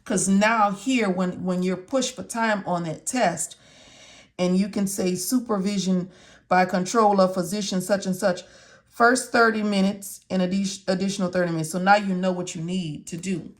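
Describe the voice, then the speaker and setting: A woman's voice: mid-range voice, fairly even intonation, normal speed. A woman instructor walking students through medical coding notes step by step, often checking in with "okay?". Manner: repeats "okay?" and "all right?" to check in. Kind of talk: casual step-by-step tutorial.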